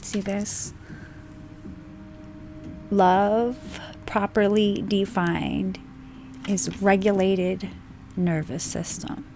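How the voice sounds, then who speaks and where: A woman giving an emphatic, unscripted spiritual monologue, stressing points with swearing and slow, deliberate phrasing. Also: medium pitch, noisy background. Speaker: spiritual channel host.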